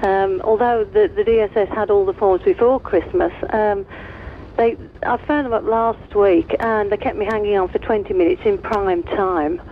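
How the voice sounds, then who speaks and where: A woman's voice: mid-range voice, fairly even intonation, moderate pace, slight background noise. A woman in her fifties calling a radio phone-in, speaking in a frustrated, hesitant way. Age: 50s. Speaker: caller. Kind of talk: phone-in call. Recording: tinny phone line on radio.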